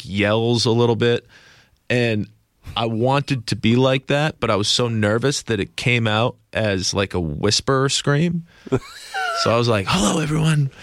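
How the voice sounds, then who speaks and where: A man who works as a news correspondent talks through his career as an interview guest. His voice sits a little low, and he tells stories in a reflective, self-deprecating way. The sound is dry and close-miked. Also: fairly bright tone, smooth, no echo. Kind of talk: casual interview chat.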